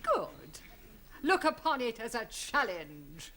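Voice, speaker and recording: An actress playing a stern, formal school principal in a 1970s sitcom. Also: female voice, on the high side, sing-song, takes it slowly, pushed and bright, slight background noise, exaggerated voice. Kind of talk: 1970s studio sitcom acting.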